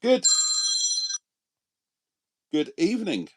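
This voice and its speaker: A man's voice: high-pitched, wildly swooping pitch, drawn-out words, heavy background noise. A man hosting a live stream from a motorhome, bantering and reading out viewer names. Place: inside a motorhome.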